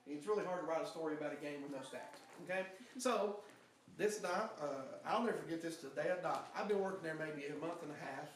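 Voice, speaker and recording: Young guy preaching, kinda high voice, chatty storytelling, lots of restarts, big echoey church, mic far off. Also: quick pace, slight background noise. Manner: earnest storytelling, conversational, with frequent restarts. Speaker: pastor. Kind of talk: sermon with personal story. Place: church sanctuary.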